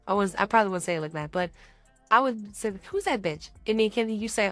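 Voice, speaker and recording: A young woman co-hosting a studio podcast, lively and animated as she acts out quick scenes. Her voice sits at a middle pitch, recorded close and dry with faint music underneath. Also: no room sound. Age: young adult. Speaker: podcast co-host. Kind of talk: casual podcast chat.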